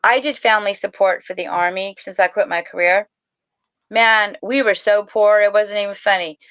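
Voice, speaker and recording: A woman's voice: mid-range voice, fairly even intonation, moderate pace, a bit bright, clear, resonant tone, dry recording, highs cut off. Emotional woman with a drawl. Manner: emotional, rambling, tearful at times. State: crying. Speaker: guest. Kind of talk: personal storytelling on a podcast.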